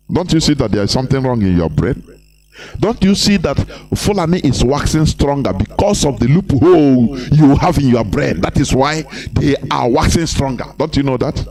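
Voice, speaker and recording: A man's voice: medium pitch, animated, moderate pace, darkish tone. A Nigerian man giving impassioned live broadcast commentary, repeating himself and firing rhetorical questions at his listeners. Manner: preachy, repetitive, rhetorical questions, mimicking others.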